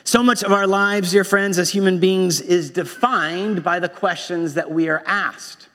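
A man with a fairly high voice preaches a sermon in a wry, conversational manner. His words ring out with a long reverb, as in a church sanctuary. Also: steady tone, a little slow, fairly bright tone. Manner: wry, conversational preaching with quoted movie lines. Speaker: pastor.

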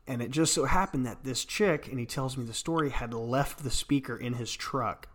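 A man's voice: medium pitch, moderate pace, few pauses. A man from Arkansas, co-hosting a podcast and telling rambling stories that he laughs through. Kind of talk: casual storytelling chat.

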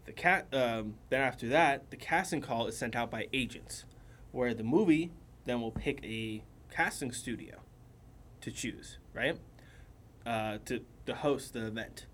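Young guy, podcast co-host, casual storytelling, lively and bright, slightly high voice, faint background noise. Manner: laughs a lot, acts out quotes. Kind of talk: casual chat.

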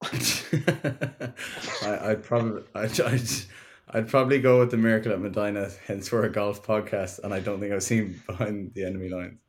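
A young Irish man in his twenties co-hosting a casual podcast chat, joking and quick to laugh. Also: on the low side, steady tone, a little hiss or hum. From Ireland. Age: 20s. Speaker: podcast co-host.

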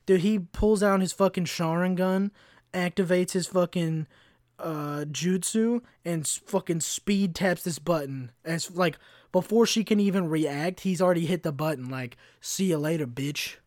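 Young man ranting profanely, slightly high voice. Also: unhurried, darkish tone, dry recording, studio quality. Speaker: podcast host. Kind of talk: solo podcast rant.

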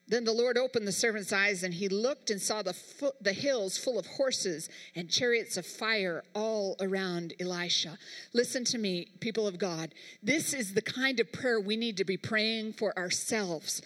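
A woman's voice: mid-range voice, normal speed, fairly bright tone, in a large hall. A woman preacher delivering a sermon, talking emphatically and straight to her congregation. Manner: emphatic, speaks directly to the congregation.

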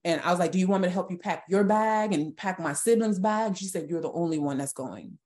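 Low-voiced woman telling her story. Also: fairly quick, a little mellow, faint music behind. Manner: earnest, emotional retelling with restarts. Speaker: podcast guest. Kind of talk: personal testimony in a podcast interview.

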